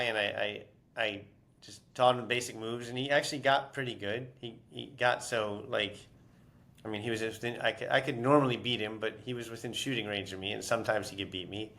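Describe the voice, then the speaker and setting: A man's voice: medium pitch, normal speed, a bit bright. Rambling man telling stories. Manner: rambling, many fillers and restarts, laughs while telling stories. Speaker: interviewed author. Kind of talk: casual storytelling interview.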